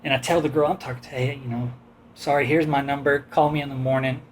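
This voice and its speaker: A man's voice: medium pitch, fast, a little hiss or hum. Man telling a rambling bar story. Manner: rambling, animated anecdote with quoted voices and laughs. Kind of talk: casual storytelling chat.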